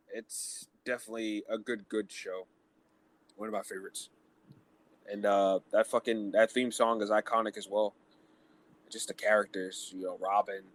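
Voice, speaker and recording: A man co-hosting a casual podcast, chatting in a relaxed way with fillers and the odd swear. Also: lowish voice. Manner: relaxed, easygoing fan talk with fillers and mild swearing. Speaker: podcast co-host. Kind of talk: casual chat.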